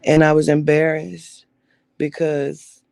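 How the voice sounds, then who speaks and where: Woman, young adult, gravelly and dark-toned; blunt, profane personal storytelling. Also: sits low, level tone, takes it slowly, no echo. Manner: blunt, profane, acts out quoted voices. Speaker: vlogger telling her life story.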